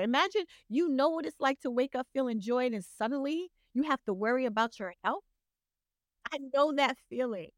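A woman with a fairly high voice, talking as a guest on a podcast. She speaks in an earnest, motivational way, urging the listener on. The recording is dry and close. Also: no room sound. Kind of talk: casual podcast conversation.

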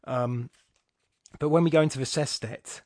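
A man's voice: mid-range voice, fairly even intonation, moderate pace, darkish tone, no room sound, clean studio sound. A man giving an informal, rambling talk that explains a sonnet, often correcting himself as he thinks aloud. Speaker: poetry podcast host. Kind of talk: informal spoken lecture on a sonnet.

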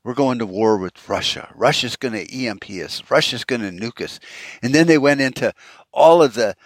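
A man rants alone into his podcast mic, swearing freely and circling back with plenty of ums and restarts. His voice sits at an ordinary middle pitch. The sound is dry and close, with no room echo. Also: animated, moderate pace. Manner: profane, rambling, with frequent fillers and restarts. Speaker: podcast host. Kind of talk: solo podcast rant.

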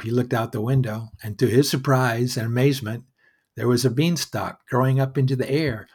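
Male storyteller, husky, measured wry narration, mid-range voice. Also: mid-range voice.

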